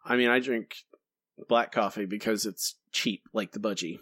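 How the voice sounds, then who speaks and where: A man's voice: fairly low pitch, fairly even intonation, moderate pace, a bit bright, husky, no room sound, studio quality. A man co-hosting a podcast in casual chat, jokey and self-deprecating. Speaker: podcast co-host.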